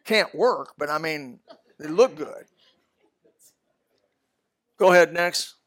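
An older man preaching a sermon in a storytelling way, swinging between loud bursts and soft asides. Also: on the high side, slow pace.

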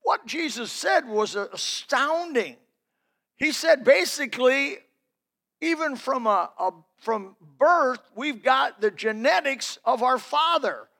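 A man's voice: extremely high pitch, expressive, slow, gravelly, pushed and bright. A man preaching a sermon, telling folksy personal stories in an emphatic, building delivery.

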